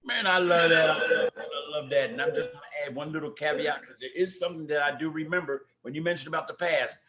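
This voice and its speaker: A man's voice: on the high side, fairly even intonation, fast, heavy background noise. An older man hosting a community talk livestream, greeting viewers by name and urging them to vote. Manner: warm preacher-like exhortations. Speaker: host of a community talk show. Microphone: microphone at home.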